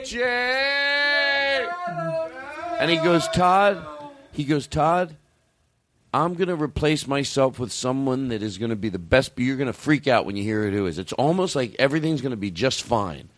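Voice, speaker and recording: A man's voice: mid-range voice, moderate pace, no room sound. A middle-aged man hosting a comedy podcast, telling rambling stories and interrupting himself. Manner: rambling, animated, self-interrupting. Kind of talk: casual comedic storytelling.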